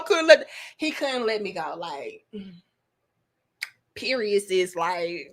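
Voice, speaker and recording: Telling a story to her live chat, a thirtysomething woman hosting an online show is animated and moves at a moderate pace. She's frank and foul-mouthed, lurching from loud outbursts to quiet asides.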